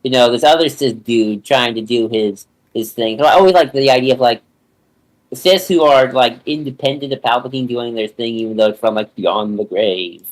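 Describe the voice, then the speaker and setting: A man chatting as a podcast guest, relaxed fan talk with many "you know"s. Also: medium pitch, moderate pace, poor audio. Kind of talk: casual chat.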